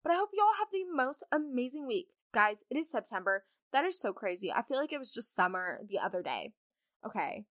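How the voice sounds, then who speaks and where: Bubbly, lively young woman podcast host. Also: fairly high pitch, brisk, dry recording, clean studio sound. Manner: bubbly, chatty, rambling with many asides. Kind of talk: casual storytime chat.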